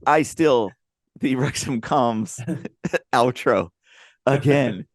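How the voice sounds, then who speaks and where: A man hosting a casual podcast, playful and quick to laugh, often repeating words as he talks into a close microphone. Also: mid-range voice, dry recording. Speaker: podcast host.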